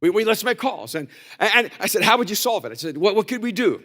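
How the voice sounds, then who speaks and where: A man preaching a conference sermon, telling a story that swings between soft talk and shouting, recorded live in a large hall. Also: sits high, very animated, fast. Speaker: pastor. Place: large hall with long reverb.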